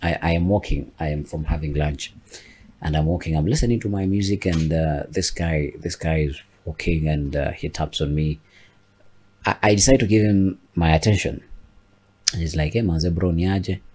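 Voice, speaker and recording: A man's voice: very deep voice, moderate pace, a little mellow, slightly rough. A man, reflecting aloud in a casual podcast chat and often repeating words as he thinks. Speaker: podcast co-host.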